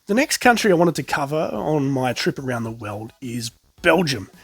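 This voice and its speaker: Lively, husky Australian man. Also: medium pitch, moderate pace, dry recording, soft background music. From South Australia. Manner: chatty and enthusiastic, colloquial. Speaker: toy collector vlog host. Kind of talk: casual show-and-tell presenting.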